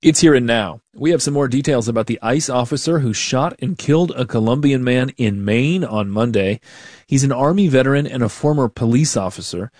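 A man hosting a radio news program, introducing a story in a crisp on-air manner. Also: medium pitch, brisk, a little mellow, no echo, clean studio sound.

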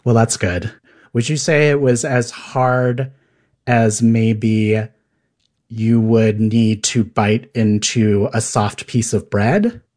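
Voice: mid-range voice, fairly even intonation, slow, a little mellow. An interviewer asking short, probing questions in a casual chat. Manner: inquisitive, probing for details.

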